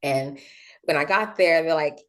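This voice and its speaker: Deep-voiced and measured in pace, this young woman recounts her story as an interview guest, lively and full of filler words, imitating how others spoke.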